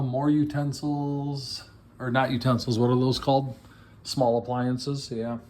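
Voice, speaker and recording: A man walks the viewer through a house set up for an estate sale, speaking slowly and at an average pitch for a man. His tone is playful and self-mocking, and he bursts into excited exclamations as he points things out. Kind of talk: walk-through tour narration.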